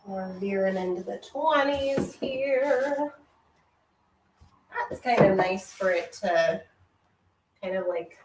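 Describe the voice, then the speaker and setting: A woman's voice: mid-range voice, heavy background noise. Woman musing aloud, far from mic. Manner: chatty, musing, half to herself. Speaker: book vlogger. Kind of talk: casual chat while shelving books. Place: home room with bookshelves. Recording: roomy, off-mic with faint ambience.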